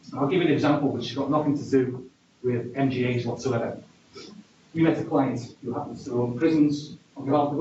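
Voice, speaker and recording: Warm and fairly high-pitched, this conference speaker's voice carries a regional accent as he presents with wry, chatty self-deprecation. The hall recording is distant, dull and echoey, with a little hiss or hum.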